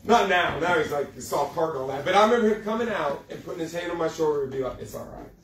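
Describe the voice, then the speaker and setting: A man preaching a youth sermon, folksy and joking, slowing down for dramatic emphasis. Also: on the high side, distant mic. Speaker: youth pastor. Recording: echoey room, speaker away from mic.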